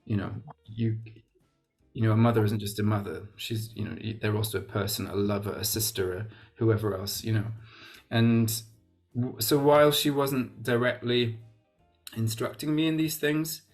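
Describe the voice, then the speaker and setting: Welsh guy in a casual interview, thinking out loud, lots of "you know", faint music in the background. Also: on the low side, steady tone, normal speed. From Wales. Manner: reflective, full of "you know" and restarts. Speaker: guest, actor.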